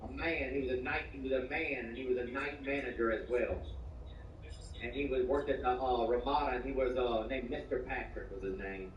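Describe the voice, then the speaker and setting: A man doing rambling, deadpan stand-up comedy, filling his lines with "you know.". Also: medium pitch, brisk. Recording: echoey, distant, dull, noisy live room.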